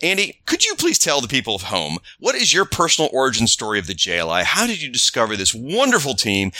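A man from the American South hosts a casual podcast, talking fast and swinging his pitch up and down. His tone is enthusiastic and jokey, and the sound is very dry and close. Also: huge pitch swings, bright, forceful tone, no room sound. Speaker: podcast host.

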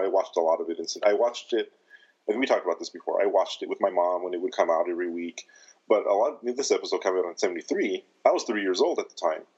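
A man in his fifties co-hosting a podcast, talking in a thoughtful, halting way with many restarts. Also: low voice, lo-fi sound. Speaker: podcast co-host. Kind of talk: casual chat.

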